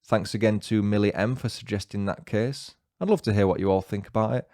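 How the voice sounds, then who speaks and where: A man with a northern English accent hosting a podcast, narrating in a measured, scripted way with dry, wry asides. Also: fairly low pitch, fairly even intonation, a little mellow, no room sound. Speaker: podcast host. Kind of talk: scripted true-crime narration.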